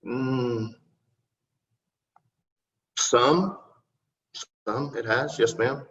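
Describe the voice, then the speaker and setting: A man's voice: mid-range voice, very slow, fairly bright tone. A middle-aged man, a city council candidate answering interview questions in a rambling, folksy and polite way. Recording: distant, muffled recording.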